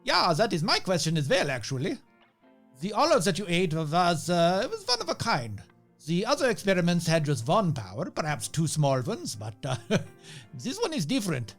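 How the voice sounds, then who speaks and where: A man's voice: sits high, huge pitch swings, normal speed, faint music behind, full character voice. A man playing a jolly German mad scientist. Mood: sheepish. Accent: put-on German. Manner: jovial, playful, broken grammar. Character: eccentric older male German mad scientist. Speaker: voice actor. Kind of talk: comedic audio drama.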